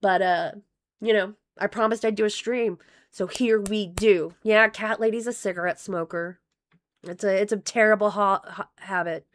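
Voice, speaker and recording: A woman's voice: medium pitch, steady tone, normal speed. A woman live-streaming casual commentary, reading out donations in a rambling, profane way, with her voice wearing thin. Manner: rambling, profane, with many restarts. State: losing her voice.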